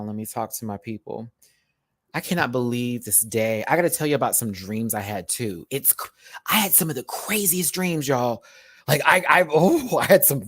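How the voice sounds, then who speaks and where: Chatty southern guy on a livestream, animated, calls everyone baby, dry room. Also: mid-range voice, no room sound. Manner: animated, chatty, drawls terms of endearment. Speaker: YouTube host. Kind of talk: casual livestream chat. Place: hotel room.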